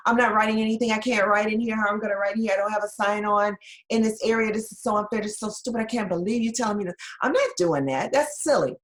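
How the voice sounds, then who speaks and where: A woman acting out an indignant nurse who protests in quick, exasperated bursts. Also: medium pitch, voice pushed up, close to an everyday voice.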